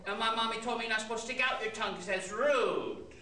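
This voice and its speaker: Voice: mid-range voice, pushed and bright, pitched above the performer's own voice, lightly acted. A storyteller doing a whiny little child. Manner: rushed, whiny, rambling. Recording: roomy, distant mic.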